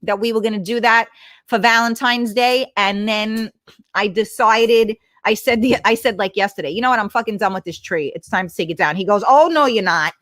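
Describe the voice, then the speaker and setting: A woman's voice: mid-range voice, steady tone, fairly quick, a bit bright. Blunt, foul-mouthed woman livestreaming. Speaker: livestream host. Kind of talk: casual live-stream chat reading comments. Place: at home. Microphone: laptop mic.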